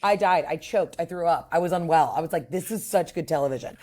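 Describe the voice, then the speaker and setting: A woman comedian joins a podcast as a guest. Her voice sits a little low for a woman. She tells stories with plenty of energy and slips into the voices of the people she quotes. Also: fast. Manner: animated storyteller who acts out quoted voices. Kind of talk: casual podcast chat.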